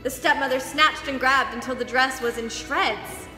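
A young woman dance teacher reading a storybook aloud to children, lively and expressive. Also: sits high, normal speed. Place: dance studio. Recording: echoey studio hall, faint music.

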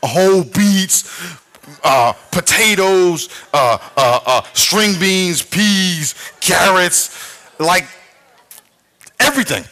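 A middle-aged man preaching a sermon as pastor, telling a story with shouted sound effects and playful, self-mocking humor. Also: high voice, slow pace. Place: large church.

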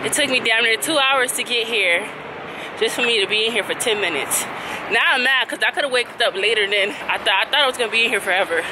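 A mother of two in her 20s chats casually to her vlog viewers on camera, talkative and exasperated as she vents to them. Her voice is on the high side and she talks fast, with background noise.

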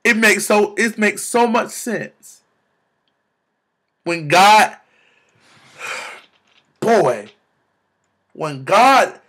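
A young man vlogging about faith, exclaiming and repeating words in bursts of excitement, talking into a camera. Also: sits high, extremely slow, pauses often, husky. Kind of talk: excited spiritual vlog testimony.

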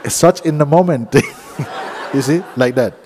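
A middle-aged man, a spiritual teacher, giving a gentle, chuckling storytelling talk to a retreat group, often asking "you see?". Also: fairly high pitch, a little slow, slight background noise. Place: retreat meeting room.

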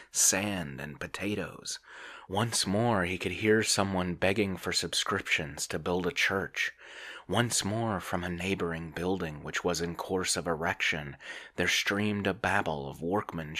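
A deep-voiced man reads a classic novel aloud in a soft ASMR style. His tone is low but crisp and clear, and he often sinks into a gentle whisper. He takes his time over every line. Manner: slow, soft-spoken, drifting into whispers. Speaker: ASMR reader. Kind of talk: soft ASMR book reading.

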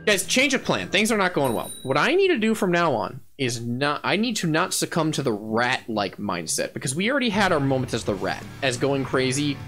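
A playful male game streamer with a bright, forceful voice that swings widely as he jokes and laughs his way through a match. He chatters casually to his viewers and bursts into yells at his wins. Faint music plays behind him. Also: medium pitch, sing-song, fairly quick, few pauses. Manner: playful and goofy, laughing often and yelling at wins. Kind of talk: casual live gameplay chatter.

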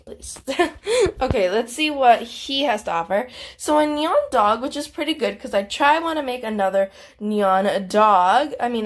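A bubbly, giggly woman chatting through casual gameplay commentary as the host, her voice fading now and then. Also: fairly high pitch. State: voice keeps fading. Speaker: YouTuber host.

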